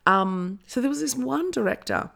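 A woman chatting as a guest, telling a story in an animated way and acting out what others said. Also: a little high, normal speed, gravelly. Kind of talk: storytelling in a podcast interview.

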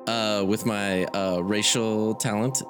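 A man's voice: on the low side, fairly even intonation, takes it slowly, loud music behind the voice. A man playing a tabletop game, talking casually in character with a drawl.

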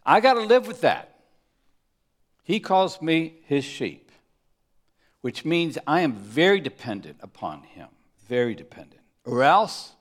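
A man preaching a sermon, swinging between loud emphatic punches and hushed, near-whispered asides. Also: mid-range voice. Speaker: pastor.

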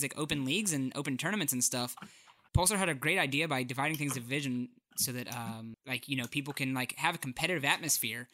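Male podcast host, bright and a bit high, rambling casual talk. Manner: rambling, loose sentences. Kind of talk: casual chat.

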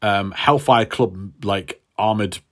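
A man's voice: on the low side, takes it slowly, fairly bright tone. A man, a podcast co-host, casually retelling a comic story and acting out the characters' lines. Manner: rambling retelling, acts out quotes. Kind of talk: casual chat.

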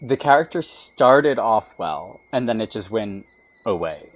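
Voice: medium pitch, animated, measured pace, a little hiss or hum. A podcast guest chatting casually, loose and joking, laughing often. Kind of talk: casual chat.

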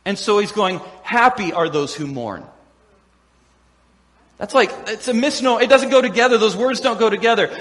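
Animated high-voiced male preacher in hall. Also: normal speed. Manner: animated, acts out voices of crowds and quotes, laughs often. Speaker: pastor. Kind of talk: sermon. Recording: echoey hall with long reverb.

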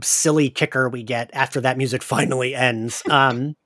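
A man's voice: mid-range voice, steady tone, normal speed, bright, forceful tone, no room sound, studio quality. A man hosting a casual chat, laughing often and talking with plenty of fillers. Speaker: podcast host.

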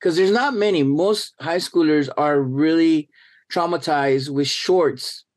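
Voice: mid-range voice, slow, darkish tone. A podcast host interviewing a guest with enthusiastic, rambling talk full of restarts.

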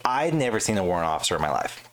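Deep-voiced, profane storytelling man. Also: rapid-fire. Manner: profane, animated storyteller who jumps high when quoting others. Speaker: Air Force veteran telling stories. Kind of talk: casual podcast chat.

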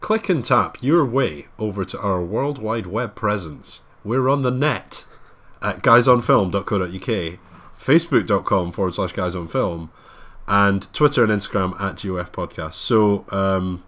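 A man's voice: fairly low pitch, animated, moderate pace, fairly bright tone. A man co-hosting a casual podcast, talking in a rambling, jokey way with many restarts. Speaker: podcast co-host.

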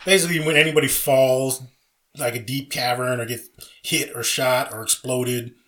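A man's voice: mid-range voice, steady tone, moderate pace, fairly bright tone. A man co-hosting a podcast, chatting casually and eagerly about movie trivia with frequent restarts. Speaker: podcast co-host. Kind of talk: casual chat.

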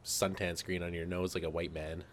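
A man's voice: deep voice, flat delivery, normal speed, no echo. A man on a casual podcast trading dry wisecracks with his friends. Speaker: podcast co-host. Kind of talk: casual group podcast chat.

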